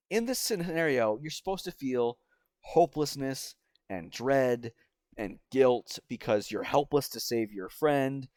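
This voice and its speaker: A man's voice: medium pitch, a little mellow, no room sound, studio quality. A young man talking through a casual video game review in a chatty, exasperated way, often trailing off and restarting. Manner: chatty and exasperated, with many fillers and self-interruptions.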